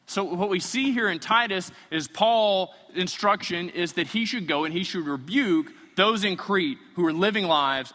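A pastor preaching in a relaxed, conversational way to his church, now and then slipping into imagined voices. His voice is a little high and bright. It rings with the long reverb of a large hall. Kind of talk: sermon.

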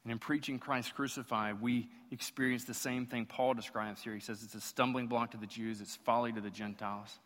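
A man preaching at a medium pitch, piling up repeated phrases as his sermon builds. His voice rings out with a long reverb tail, as though filling a church sanctuary. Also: little pitch movement, brisk, few pauses, fairly bright tone. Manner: impassioned, rhetorical preaching with repetition. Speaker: pastor.

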